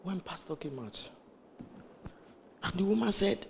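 A man preaches a sermon, his voice pitched high and swinging widely as he tells the story. He acts out the people in the story as he goes. Long reverb from the hall hangs behind him. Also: expressive, moderate pace, creaky, a little mellow, a little hiss or hum.

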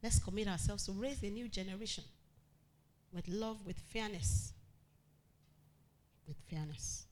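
A woman pastor preaching a sermon to a congregation, animated, acting out quotes and calling out loudly. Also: mid-range voice, unhurried, long pauses.

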